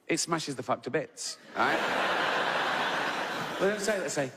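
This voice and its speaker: A man's voice: fairly high pitch, lively intonation, moderate pace, pauses often, heavy background noise. A middle-aged English man doing a stand-up routine in a conversational, sweary way, often checking in with the crowd. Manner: conversational, keeps checking in with "right?"; swears freely, acts out exasperated little scenes. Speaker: stand-up comedian. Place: large theatre on stage. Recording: live hall with long reverb, faint ambience.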